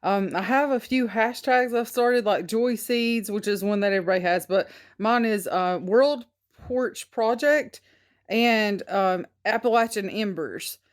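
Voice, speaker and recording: A woman's voice: mid-range voice, measured pace. A woman with a Southern US country twang calling into a live podcast, hesitant and searching for words with many ums. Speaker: audience caller.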